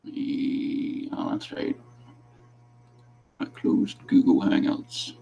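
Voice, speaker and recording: A man's voice: extremely slow, warm tone. A man hosting a livestream in casual chat, rambling and laughing between his sentences. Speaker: host of a livestream.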